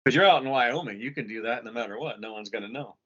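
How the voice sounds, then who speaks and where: A man's voice: medium pitch, quick pace, pushed and bright, slightly rough. A man co-hosting a podcast, telling a story casually and profanely while acting out voices, talking from home over a muffled call. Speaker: podcast co-host. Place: home condo.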